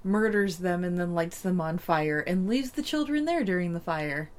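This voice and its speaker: Lively, joking woman podcast co-host. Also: moderate pace. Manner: blunt, joking, crude asides, very lively pitch. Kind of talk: casual movie review chat.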